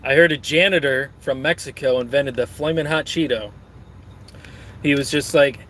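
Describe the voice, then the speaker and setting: A man's voice: medium pitch, normal speed, a bit bright, a little hiss or hum. A man streaming and reading his chat, rambling in a crude, joking way while snacking.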